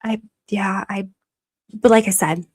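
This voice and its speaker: A woman's voice: medium pitch, fairly even intonation, a little slow, darkish tone, breathy edge, no room sound. Gushing woman livestreaming, dry close mic. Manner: gushing and emotional, many restarts, drops to a whisper. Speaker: livestream host. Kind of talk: casual livestream chat reading super chats.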